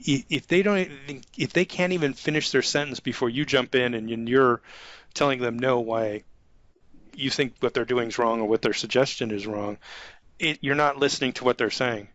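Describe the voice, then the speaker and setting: A man who manages an IT staff, talking informally about soft skills and acting out example conversations with a light chuckle. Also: mid-range voice, steady tone, normal speed, no room sound, muffled recording. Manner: conversational, acts out example dialogues, chuckles often. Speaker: IT manager giving career advice.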